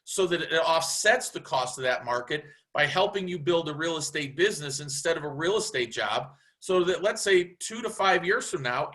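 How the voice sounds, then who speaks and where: A man coaching real estate agents in a casual, animated way, acting out the dialogue he quotes. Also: on the high side. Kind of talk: casual sales coaching talk.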